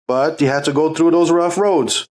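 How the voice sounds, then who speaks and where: A middle-aged man co-hosting a podcast, telling lively, slangy stories and acting out quotes in casual chat. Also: fairly high pitch, moderate pace. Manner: animated storyteller, slangy, acts out quotes. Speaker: podcast co-host.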